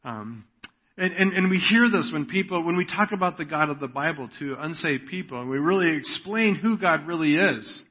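A man's voice: on the high side, expressive, normal speed, breathy edge. A man preaching a sermon in an earnest way, often checking in with "right?". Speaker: pastor. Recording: dull lo-fi audio.

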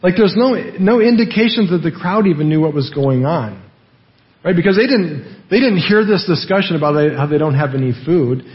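A man's voice: a little high, expressive, brisk, dull audio. A man preaching a sermon in a conversational way, often asking rhetorical questions and tagging lines with "right?". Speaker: pastor.

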